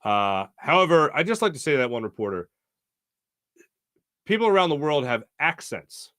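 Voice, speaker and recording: A man's voice: a little high, big pitch swings, moderate pace, pushed and bright, no echo, studio quality. An American man hosting a sports talk show, rambling and opinionated, with many fillers. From United States. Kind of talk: casual sports talk monologue.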